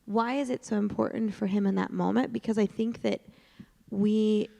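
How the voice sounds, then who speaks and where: A woman's voice: mid-range voice, fairly even intonation, moderate pace, gravelly, warm tone. A woman in a class discussion, speaking candidly and expressively. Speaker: class participant. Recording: reverberant hall.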